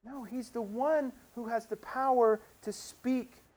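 A preacher delivers a sermon with emphatic, repetitive phrasing. The voice sits in a middle pitch range and moves between forceful outbursts and quiet, hushed lines. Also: steady tone, slow pace. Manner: emphatic, repeats phrases for build-up, swings between loud and hushed.

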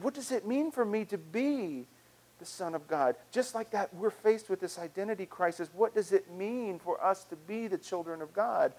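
Earnest man preaching, slightly high voice. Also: rough recording. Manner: earnest, conversational preaching with frequent restarts. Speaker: pastor. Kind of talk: sermon.

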